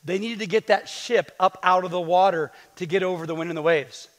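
A man preaching a sermon as pastor, lively and joking with playful asides to the congregation. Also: high-pitched, brisk. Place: church sanctuary. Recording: long hall reverb in a church.

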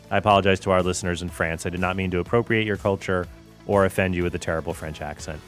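A man's voice: sits low, fairly even intonation, fast talker, fairly bright tone, soft background music. A man hosting a podcast, telling science stories in a chatty way and correcting himself as he goes. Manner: chatty, self-correcting storyteller. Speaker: podcast host. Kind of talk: casual solo podcast talk.

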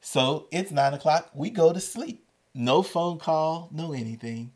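A man hosting a storytelling podcast, telling a story with lively delivery and acting out the voices. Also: on the high side, unhurried. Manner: animated, acts out the voices in his story. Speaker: podcast host and educator.

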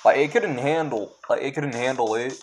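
A young man commentating casually on a handheld game as he plays, excitable and quick to exclaim. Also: mid-range voice, background noise. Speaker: let's play gamer.

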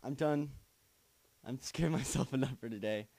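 A man's voice: mid-range voice, normal speed, vocal fry, mellow, dry recording. A young man commentating a horror game he is playing, muttering nervously, chanting to himself and swearing, with sudden screams. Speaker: gaming channel host.

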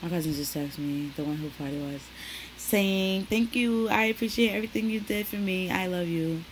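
A young woman talks straight to her viewers in a loose, chatty way, full of "like" and "y'all". Her voice sits a little low, and a faint room hum runs underneath. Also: moderate pace, poor audio. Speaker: vlogger. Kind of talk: casual chat to camera.

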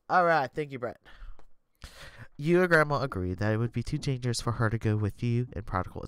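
A man's voice: medium pitch, clear, resonant tone, dry recording. A man streaming live, reading an interactive story game aloud with chatty, joking asides. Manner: chatty, laughs often, jokey asides.

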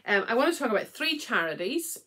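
A woman's voice: on the high side, sing-song, fairly quick, bright, forceful tone, breathy edge. A middle-aged woman hosting a knitting podcast at home, chatting casually with frequent ums and little laughs.

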